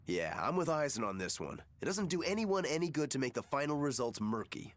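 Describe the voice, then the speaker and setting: An actor playing a relaxed, cheerful adult male swordsman in a game. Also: medium pitch, fairly quick, dry recording, lightly acted. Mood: casual. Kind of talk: game voice acting.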